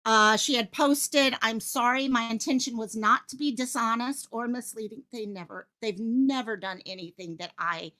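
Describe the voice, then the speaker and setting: A woman runs a live stream from her home office, her voice bright and sitting a little high. She talks in an excited, breathless rush, leaving thoughts half finished as she jumps to the next one and greets viewers by name. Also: normal speed, few pauses. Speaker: livestream host covering a missing-child case. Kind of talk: live-stream commentary, reading chat.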